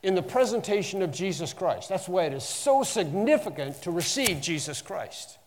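A pastor giving an earnest teaching sermon. He slows down to stress key phrases and drops lower and quieter for asides. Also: lively intonation, a little hiss or hum. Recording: long hall reverb.

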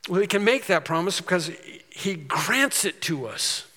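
High-voiced guy preaching verse by verse, asks and answers himself, big echoey hall. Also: lively intonation, moderate pace, sharp tone. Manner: emphatic preaching with rhetorical questions and answers. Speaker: pastor. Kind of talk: expository sermon.

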